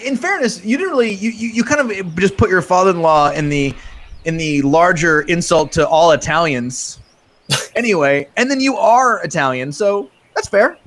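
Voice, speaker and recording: Male podcast co-host, bouncy, animated pitch, teasing and quick-witted. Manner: joking, animated, quick asides. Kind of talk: casual chat.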